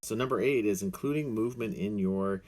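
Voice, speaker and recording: A man's voice: fairly low pitch, fairly quick, a little mellow. A man giving upbeat, playful teaching tips to camera, with lots of energy in his delivery. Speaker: teacher making a screencast tutorial. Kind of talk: upbeat instructional talk to camera.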